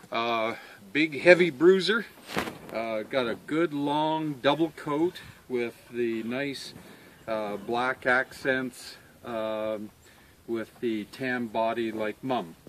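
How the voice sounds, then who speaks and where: A man showing his farm dogs and puppies outdoors, talking in an unhurried, halting way with many fillers and coaxing the dogs fondly. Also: mid-range voice, fairly bright tone, a little hiss or hum. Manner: fond, coaxing talk to the dogs. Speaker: dog breeder selling puppies. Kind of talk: casual farm video walkthrough.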